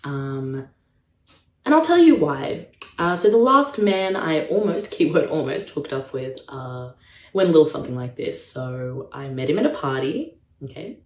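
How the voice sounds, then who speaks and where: A young Australian woman doing a stand-up comedy set, self-mocking with deadpan asides. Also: low voice, a little slow, roomy sound. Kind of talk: stand-up comedy set, live-streamed from home.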